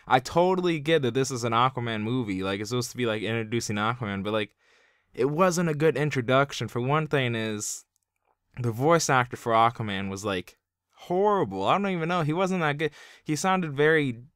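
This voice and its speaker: A man's voice: medium pitch, lively intonation, fairly quick, fairly bright tone, clear, resonant tone, no echo, studio quality. A young man giving a casual spoken review, rambling with constant filler words. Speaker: video reviewer.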